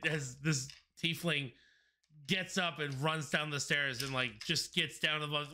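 Slow, halting game master. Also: male voice, fairly high pitch, sharp tone, slight background noise. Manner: slow, halting narration with restarts. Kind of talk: narrating a tabletop game.

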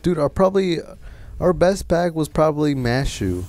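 A man's voice: a little high, animated, moderate pace, a little mellow. A man hosting a gaming channel, giving casual commentary, frustrated and swearing as he grumbles about bad luck.

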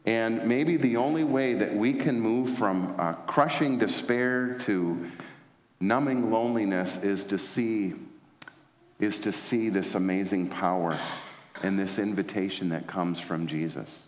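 A pastor with a fairly low voice preaches a sermon at a measured pace, telling stories full of fillers and restarts. He's in a large church sanctuary, so the recording echoes like a church hall, with a little hiss or hum underneath.

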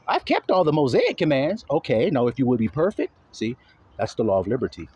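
A man's voice: medium pitch, big pitch swings, brisk, a little mellow, husky, muffled recording. A man giving an informal Bible teaching, talking loosely and profanely and drawing out the verses he reads. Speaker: preacher teaching from scripture. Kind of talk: casual spoken Bible teaching.

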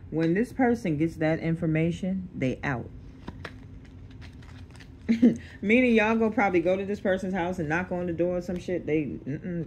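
A tarot reader gives a casual reading to camera in a medium-pitched, somewhat dark voice, with slight background noise behind her. She's blunt and streetwise, swears freely, and keeps checking in with the listener by repeating "okay?"

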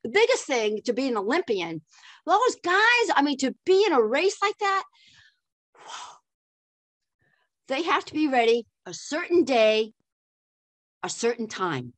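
An older woman, a podcast guest, telling a story in an animated way with frequent laughs and acted-out dialogue. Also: high voice, measured pace, pauses often, dry recording. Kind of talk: storytelling interview.

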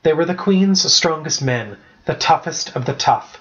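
A man reading a chapter-book story aloud as a first-person narrator, with a steady, even-paced delivery. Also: a little high, a little slow, highs cut off. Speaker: audiobook narrator.

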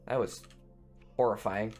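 A man giving excitable let's play commentary on a video game, screaming and making silly sound effects. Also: fairly low pitch, measured pace, faint music behind. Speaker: gaming YouTuber.

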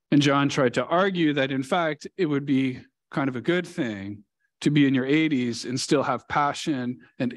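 A male pastor preaching a sermon in a church, telling a story earnestly and leaning hard on key words. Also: medium pitch. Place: church sanctuary.

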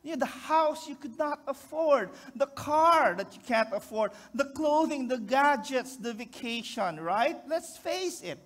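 Filipino male pastor with a very high voice, chatty joking sermon that keeps checking in with the congregation. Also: animated, unhurried, few pauses, fairly bright tone. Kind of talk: conversational sermon.

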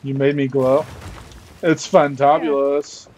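A man's voice: mid-range voice, level tone, slow pace, darkish tone, a little hiss or hum. A man playing a game with his wife, chatting casually, goofy and teasing and laughing often. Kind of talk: casual gameplay chat.

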